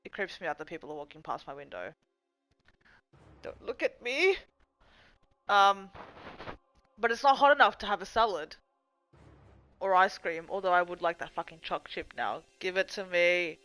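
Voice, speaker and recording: A woman's voice: on the low side, animated, fairly quick, a bit bright, faint music behind, low-quality recording. A young woman rambling casually and swearing freely as she answers chat on her live stream from home. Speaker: livestream host.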